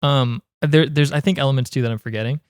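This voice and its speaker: A man's voice: medium pitch, quick pace, smooth, no room sound, studio quality. A man co-hosting a podcast, chatty and recounting anecdotes in casual conversation. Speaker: podcast co-host.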